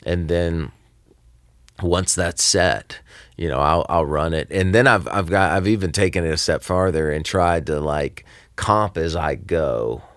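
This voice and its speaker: A man's voice: low voice, a little slow, a bit bright, dry recording, clean studio sound. A man, a recording engineer and producer, talking loosely in a casual podcast interview, with lots of fillers and restarts.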